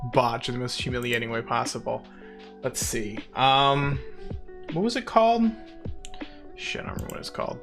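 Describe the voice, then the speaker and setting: A man's voice: mid-range voice, sharp tone. A man chatting casually with viewers on a live stream, playful and giggly, poking fun at himself. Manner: self-deprecating.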